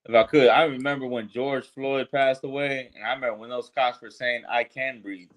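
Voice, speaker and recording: A man's voice: mid-range voice, steady tone, moderate pace, lo-fi sound. A man co-hosting a talk show, chatting casually, agreeing often and speaking in loose, rambling phrases. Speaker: co-host.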